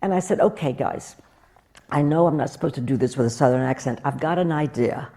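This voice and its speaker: A woman, an actress in an interview, recalling a story in a relaxed way. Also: a bass voice, fairly quick. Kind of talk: recalled anecdote.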